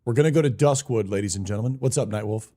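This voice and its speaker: A man's voice: fairly low pitch, racing, dark tone. A young man live-streaming a game, chatting casually, greeting viewers by name and swearing now and then in a hyped-up way.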